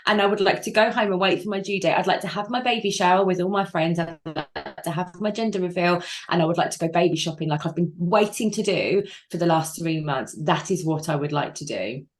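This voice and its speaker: Woman telling a painful story, low-voiced. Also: brisk, few pauses. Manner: raw, emotional, frank with dry humour. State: crying at times. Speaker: interview guest. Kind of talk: candid personal storytelling.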